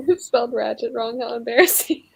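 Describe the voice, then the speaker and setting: A woman talks on a video call as a book club co-host. Her voice is fairly high and husky, and she chats casually with lots of "like" and laughter. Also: fairly quick, darkish tone. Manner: laughing, filler-heavy chatter.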